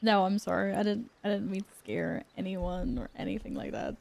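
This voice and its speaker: A woman streamer chatting casually with her viewers, chatty and quick to apologize and giggle. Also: mid-range voice, fairly even intonation, gravelly, a little mellow. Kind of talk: casual live-stream chat.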